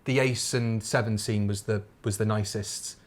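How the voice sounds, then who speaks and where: Relaxed man hosting a podcast. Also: lowish voice, moderate pace. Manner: relaxed, steering the talk. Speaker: podcast host. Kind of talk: casual chat.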